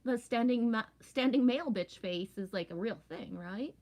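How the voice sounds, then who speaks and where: A woman's voice: on the high side, normal speed, darkish tone. A woman from Canada in her forties, chatting casually with viewers in a rambling, talkative way, often asking "right?". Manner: rambling, talkative, frequent "right?" and "you know what I mean". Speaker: live stream host.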